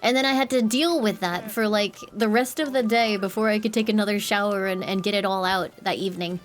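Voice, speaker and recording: A woman's voice: mid-range voice, a little fast, faint music behind. A young woman streamer chatting casually to her viewers while playing a game, giggling and swearing now and then. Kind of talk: casual gameplay commentary.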